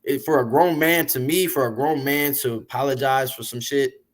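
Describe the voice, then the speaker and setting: A man being interviewed, telling long, animated, profane stories about the music business in a casual way. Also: mid-range voice, moderate pace. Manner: animated, profane, rambling storyteller. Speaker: interview guest, music industry figure.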